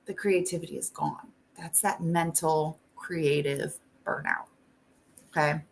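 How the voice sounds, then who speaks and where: A woman's voice: low voice, steady tone, measured pace, gravelly, slight background noise. A woman life coach hosting a talk show, speaking casually and bluntly, swearing freely and checking in with "right?" after most points.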